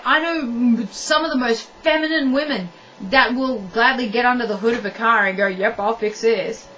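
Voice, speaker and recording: A young woman speaks straight to camera with blunt relationship advice. She hammers her points home by repeating them, in a slightly high voice. The recording is dull and lo-fi, caught from a distance with a faint hiss. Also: fairly bright tone. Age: young adult. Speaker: vlogger giving relationship advice. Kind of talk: direct-to-camera advice monologue.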